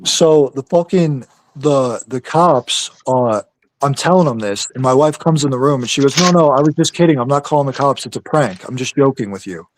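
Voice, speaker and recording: A man's voice: medium pitch, moderate pace. A man telling a long story on a stream in a rambling, profane, casual way.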